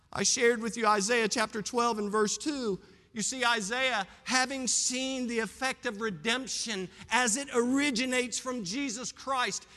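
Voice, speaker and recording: Hoarse pastor guy preaching, swings loud to soft, big echoey hall. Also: very high-pitched. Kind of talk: sermon.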